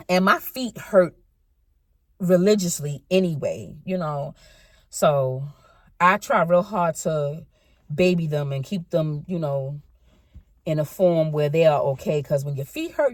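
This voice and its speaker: A woman's voice: on the low side, dry recording. A woman in her fifties chatting casually in a rambling, self-correcting way for a car-ride vlog. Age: 50s. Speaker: vlogger.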